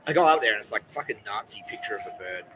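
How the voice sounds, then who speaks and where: A man's voice: fairly low pitch, animated, rapid-fire, background noise. A man with an Australian accent hosting a podcast in a rambling, profane, heated monologue. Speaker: podcast host. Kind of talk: casual monologue.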